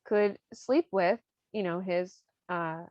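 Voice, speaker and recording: A woman's voice: lowish voice, slow, dry recording. Young female podcast host, casual and irreverent, dry lo-fi recording. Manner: chatty and irreverent, with slang and swearing. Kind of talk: casual storytelling recap. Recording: dry, slightly dull lo-fi sound.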